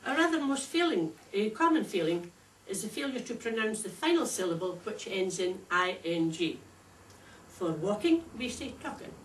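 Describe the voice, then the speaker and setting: An older woman with a Scottish accent delivering a prepared, humorous speech at a speakers club in a wry, measured, deliberate way. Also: medium pitch, expressive. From Scotland. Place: club meeting room. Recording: echoey room, distant mic, faint hiss.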